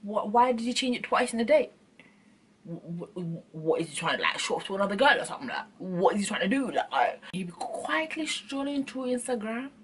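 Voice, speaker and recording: Animated woman vlogging, husky. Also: medium pitch, a little fast. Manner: animated, laughing, dramatic repetition. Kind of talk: casual chat to camera.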